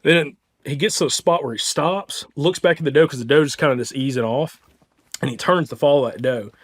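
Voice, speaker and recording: A man with a Southern US accent, hosting a podcast, tells a hunting story in an excited, casual way, full of "like" and "dude". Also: medium pitch, brisk. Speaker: podcast host.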